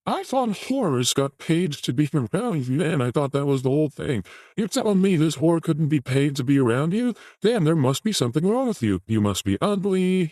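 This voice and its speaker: A man's voice: a little high, a little mellow, no room sound, clean studio sound. Crude ranting man mocking a clip. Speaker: host reacting to a video clip. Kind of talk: commentary on a clip.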